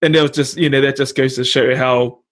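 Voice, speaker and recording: A man's voice: mid-range voice, steady tone, fairly bright tone. A man with a New Zealand accent hosting a casual chat, laid-back and full of slang. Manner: laid-back slang-heavy banter, quick to laugh. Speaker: podcast host.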